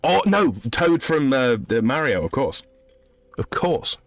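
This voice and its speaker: A man's voice: a little high, expressive, unhurried, dry recording, faint music behind. A man in his thirties streaming a game, casually rambling as he reads chat messages aloud and answers them. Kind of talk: casual live-stream chat while gaming.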